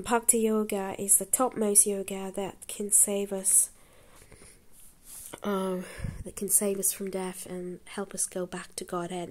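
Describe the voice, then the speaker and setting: A woman telling a devotional story in a halting way, with many pauses and restarts. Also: medium pitch, a little mellow, slight background noise. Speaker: devotional speaker.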